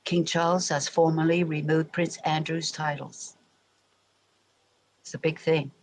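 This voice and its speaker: A livestream host from England with an English accent softened by years in America, chatting loosely and talking straight to viewers. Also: medium pitch, level tone, unhurried, a little hiss or hum, poor audio. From England, Royal Berkshire. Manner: rambling, chatty, addressing viewers directly. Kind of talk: casual livestream chat.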